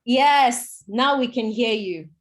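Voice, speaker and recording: A woman hosting an online event over a video call, lively and coaxing. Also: on the high side, normal speed. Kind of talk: casual video call moderating.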